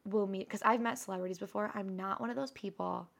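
A woman's voice: medium pitch, fairly even intonation, quick pace, vocal fry. A young woman co-hosting a podcast, chatting casually and telling a story with lots of swearing. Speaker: podcast co-host. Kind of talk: casual chat.

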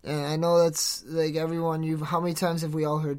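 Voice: mid-range voice, flat delivery, brisk, a little mellow, clean tone. A podcast host preaching informally in an earnest, exhorting way, rambling with many restarts and self-corrections. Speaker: podcast host giving a devotional.

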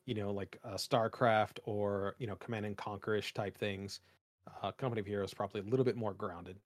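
A man's voice: lowish voice, steady tone, a little fast, no echo. Young guy chatting on a podcast, rambly and jokey, dry close sound. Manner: rambling, many fillers, jokey. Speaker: podcast co-host. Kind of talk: casual chat.

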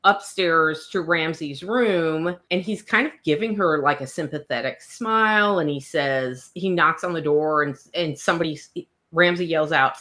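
A woman co-hosting a casual chat, recapping a book with animated storytelling and reading passages aloud. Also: sits low, unhurried.

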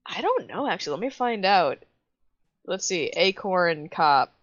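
A young adult woman co-hosting a podcast, telling an animated story with swearing and lots of fillers. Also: on the low side, a little slow, no echo, lo-fi sound. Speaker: podcast co-host. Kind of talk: casual chat.

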